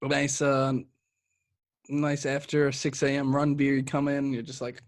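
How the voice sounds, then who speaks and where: A young man co-hosts a beer review podcast, chatting casually and trading crude, joking banter. His medium-pitched voice is completely flat and a little slow, and the recording is dry.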